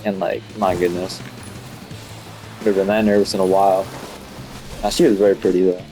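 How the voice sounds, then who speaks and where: Rambling young guy with a low voice. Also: flat delivery, a little fast, music in the background. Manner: rambling, profane, full of fillers like "you know" and "like". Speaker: student gamer talking while playing. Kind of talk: casual rambling storytelling.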